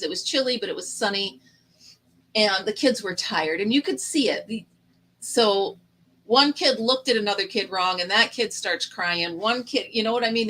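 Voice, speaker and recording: A woman's voice: medium pitch, bright, forceful tone, rough recording. A middle-aged woman hosting a casual live chat stream, telling stories in a chatty way and laughing often.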